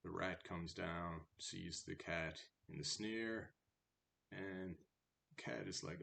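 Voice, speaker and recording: A man reading a verse fable aloud, then retelling it in a relaxed, chatty way. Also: deep voice, slow pace, gravelly. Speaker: storyteller.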